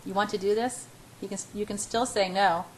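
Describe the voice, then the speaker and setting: An ardent young man pleads with his lover in a hushed murmur, as a woman reading aloud puts him on. The voice stays at a middling pitch. It stays soft and intimate throughout. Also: steady tone, normal speed, slight background noise, close to an everyday voice. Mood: pleading.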